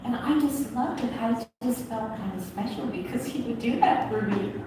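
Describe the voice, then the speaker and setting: A woman on stage, talking warmly and emotionally about her family in a live conversation. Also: fairly high pitch, moderate pace. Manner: warm, gushing, emotional storytelling. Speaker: guest on stage. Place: large venue with audience. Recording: echoey hall from far off, noisy.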